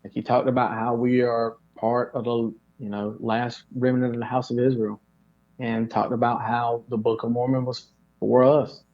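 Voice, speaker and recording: A man's voice: medium pitch, flat delivery, moderate pace. A man in his thirties from North Carolina, telling a personal story in an earnest, casual way with many fillers. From Pembroke, North Carolina. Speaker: interview guest. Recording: dull lo-fi audio.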